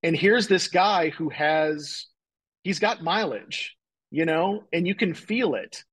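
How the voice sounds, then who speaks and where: Husky man chatting enthusiastically. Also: fairly high pitch, expressive, takes it slowly, fairly bright tone, rough recording. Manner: rambling, enthusiastic, many fillers like "like" and "you know". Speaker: podcast guest. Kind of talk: casual chat.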